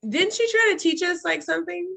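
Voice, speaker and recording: A woman's voice: extremely high pitch, brisk, creaky, bright, forceful tone. A young woman co-hosting a casual podcast, playful and teasing, acting out friends' lines as she quotes them. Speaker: podcast co-host. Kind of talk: casual chat.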